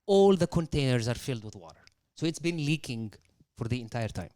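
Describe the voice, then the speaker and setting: Young guy ranting on a podcast, animated, keeps doing his mom's lines. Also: mid-range voice, a little fast, no room sound. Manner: animated, acts out quotes of his mother. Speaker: podcast guest. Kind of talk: casual storytelling chat.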